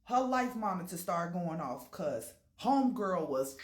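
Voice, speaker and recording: A woman's voice: on the low side, big pitch swings, unhurried, hardly any pauses, heavy background noise. Brash woman storyteller, profane and theatrical, roomy echo. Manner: brash, profane and dramatic, with sudden loud outbursts. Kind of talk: casual storytime monologue.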